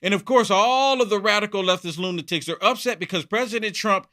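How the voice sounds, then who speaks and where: A man's voice: sits high, a little fast, pushed and bright. A man hosting a heated political opinion monologue, repeating himself and mocking opponents. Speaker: political commentary host.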